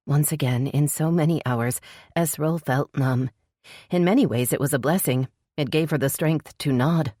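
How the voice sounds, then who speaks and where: A woman narrating an audiobook in a measured, even storytelling manner. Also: low voice, dry recording, studio quality.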